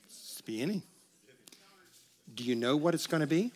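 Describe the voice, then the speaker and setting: A man's voice: a little high, expressive, normal speed, a little mellow. A man preaching a sermon in a church, talking with the congregation, leading them in reciting, and joking along the way. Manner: conversational preaching with humor and call-and-response. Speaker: pastor. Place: church sanctuary.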